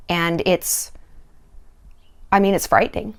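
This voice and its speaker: In a laid-back commentary vlog, a woman dishes out dating advice with animated sarcasm, cursing freely and putting on voices for the people she quotes. Her pitch sits fairly high and she talks at a normal speed.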